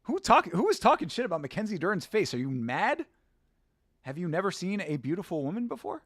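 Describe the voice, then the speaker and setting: A young man from the States hosts a fight watch-along stream, reacting loosely to chat and cursing casually. His voice sits a bit high, and it is recorded close and dry. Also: very animated, brisk, fairly bright tone, no echo. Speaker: livestream host.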